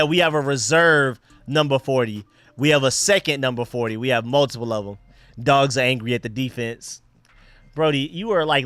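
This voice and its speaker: Male streamer, bright tone, dry close sound, excitable casual commentary. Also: a little high, no echo. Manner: excited, chatty, talks to chat and his dogs. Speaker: livestream host. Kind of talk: casual live football commentary.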